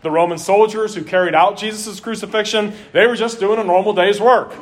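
A man preaching a sermon in an earnest style, slowing down and dropping his voice for emphasis. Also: high-pitched, steady tone. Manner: earnest preaching, varies pace and volume for emphasis. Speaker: pastor.

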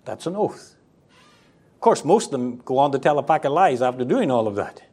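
A man preaching a sermon to a congregation, animated and acting out the voices of the people in his story. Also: brisk, slightly rough. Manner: animated, acts out quoted voices with sharp pitch swings.

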